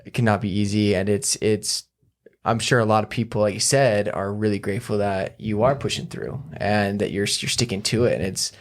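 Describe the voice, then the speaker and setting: Male podcast host, lowish voice, halting and searching for words. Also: fairly even intonation. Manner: halting, many restarts. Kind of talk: casual podcast chat.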